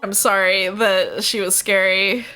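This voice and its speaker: A woman's voice: medium pitch, fairly even intonation, measured pace, sharp tone, clear, resonant tone, soft background music. A woman streaming a video game, chatting playfully with viewers, giggling and reading puzzles aloud. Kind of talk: casual let's play chat.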